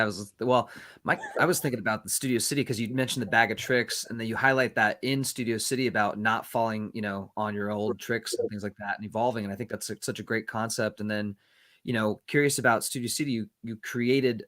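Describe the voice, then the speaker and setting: A man hosting an interview, asking relaxed questions with fillers. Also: lowish voice, a little fast. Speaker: host. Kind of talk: casual interview talk.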